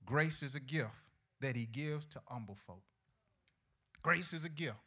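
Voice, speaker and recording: A man's voice: medium pitch, expressive, unhurried, sharp tone, slightly rough. A man preaching a sermon to young people as pastor, with a folksy, humorous manner and frequent questions thrown to the congregation. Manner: folksy, humorous delivery with acted-out prayers.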